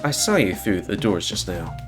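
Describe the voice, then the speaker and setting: A man's voice: deep voice, very animated, moderate pace, over music. A man voicing a polite, formal male Great Dane restaurant staffer in a game let's play. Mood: courteous. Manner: polite, formal, slightly probing.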